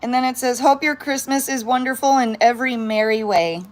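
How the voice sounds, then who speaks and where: A young San Diego woman with a high-pitched, brisk voice chats bubbly on a livestream, addressing both her viewers and her pets. She's a vlogger whose Californian accent carries a slight New York tinge.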